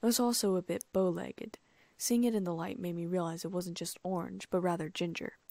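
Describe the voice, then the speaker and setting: A woman narrating a first-person fan fiction audiobook in a lively, amused way, close to the mic. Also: on the low side, brisk, gravelly, no echo.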